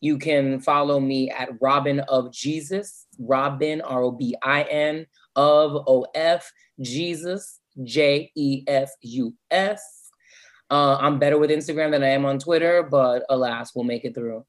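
Male podcast guest, playful and camp, mid-pitched, casual chat. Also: a little slow.

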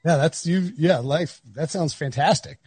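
A man's voice: a little high, a little slow, darkish tone, slightly rough, dry recording. A man from North Carolina hosting a podcast in casual, rambling chat with many restarts. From North Carolina, USA. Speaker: podcast host.

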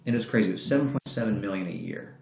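A man's voice: on the low side, very fast, a little mellow. A man telling a story in a casual, profane way, acting out the voices of the people he quotes. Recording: roomy echo.

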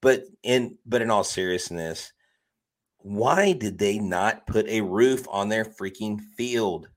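A man co-hosting a sports podcast in casual chat, animated and often laughing and teasing his co-host. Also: fairly low pitch, slow pace.

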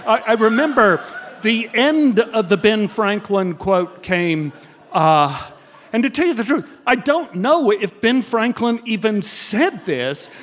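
An older man from Texas telling a comic personal anecdote as a guest, animated and chuckling as he talks. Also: sits high, slow, in a large hall. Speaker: guest storyteller.

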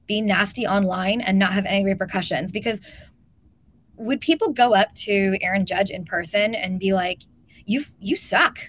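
A woman's voice: medium pitch, steady tone, normal speed. A woman co-hosting a casual sports talk show, speaking emphatically and peppering her points with "like". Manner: emphatic, talks with filler "like". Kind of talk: casual opinionated chat.

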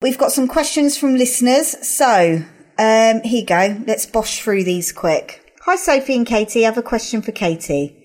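A woman's voice: a little high, expressive, normal speed, darkish tone. A woman co-hosting a podcast, chatty in casual talk, reading listener questions and reacting readily. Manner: chatty, reacts often, laughs easily. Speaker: podcast co-host. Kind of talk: casual chat.

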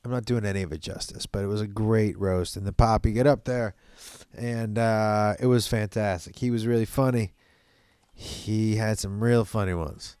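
Brief: male podcast host, loose, salty storyteller, smooth dry-miked voice. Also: fairly low pitch, normal speed, no room sound. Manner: profane, animated, laughing between stories. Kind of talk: casual storytelling chat.

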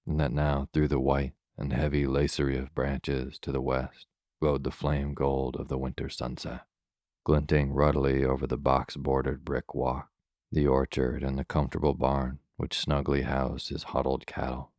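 A man reading a calm bedtime story in a very deep, steady voice. His delivery is slow and soothing with little rise and fall. The sound is dry and close to the mic. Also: dry recording.

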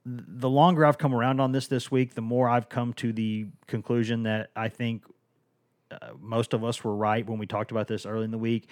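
Podcast guy, jokey and rambly, mid-pitch voice. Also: little pitch movement, normal speed. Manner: joking, teasing, long-winded. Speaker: podcast co-host. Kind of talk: casual sports podcast chat.

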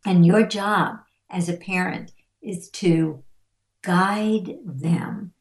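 A woman's voice: lowish voice, extremely slow, roomy sound. A middle-aged woman, a parenting expert guest on a podcast, teaching through stories and acting out the quotes she tells. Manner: animated storyteller acting out quotes.

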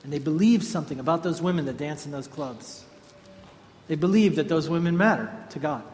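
A man preaching a sermon, telling a story in a lively conversational way to a congregation in a large hall. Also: fairly high pitch, a little fast, slight background noise. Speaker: pastor. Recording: echoey hall, faint ambience.

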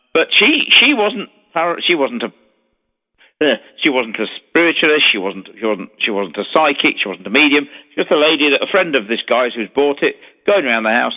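A man's voice: medium pitch, lively intonation, moderate pace, long reverb tail. Rambling Englishman on a tinny phone line. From England. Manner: rambling, chatty storyteller with many restarts. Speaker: guest paranormal investigator. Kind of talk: casual radio chat.

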